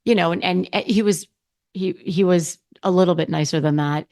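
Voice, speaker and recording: A woman's voice: lowish voice, normal speed, darkish tone. A middle-aged woman hosting her own podcast, talking casually and candidly, often restarting and correcting herself. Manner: candid, rambling with frequent restarts and self-corrections. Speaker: podcast host. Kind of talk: casual solo podcast talk.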